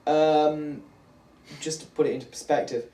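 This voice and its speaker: A man's voice: a little high, flat delivery, moderate pace, dark tone. A young man with an East Midlands accent, co-hosting a casual reaction chat with a jokey, self-deprecating manner. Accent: East Midlands English. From England, near Nottingham. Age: young adult. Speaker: co-host of a reaction show. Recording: roomy, distant, faint background noise.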